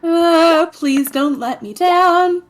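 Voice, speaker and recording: A woman's voice: extremely high pitch, drawn-out words, music in the background. A young woman playing a tabletop game, chatting casually and fretting over the dice. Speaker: player.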